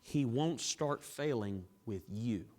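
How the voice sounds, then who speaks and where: A man preaching a sermon in a church, dropping to hushed tones and building to raised, emphatic climaxes. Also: mid-range voice, animated, takes it slowly. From Southern US. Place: church sanctuary. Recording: long reverb of a large hall.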